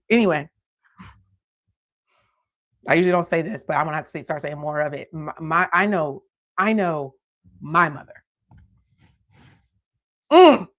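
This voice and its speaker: A woman with a lowish voice rants on her live stream, indignant and laughing in disbelief as she circles back and restarts her sentences. She speaks straight into a streaming mic. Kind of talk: commentary rant on a live stream.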